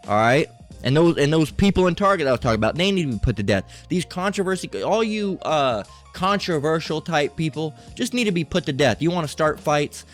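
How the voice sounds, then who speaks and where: A man giving a profane, preachy reaction commentary, tagging many lines with "all right?". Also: on the high side.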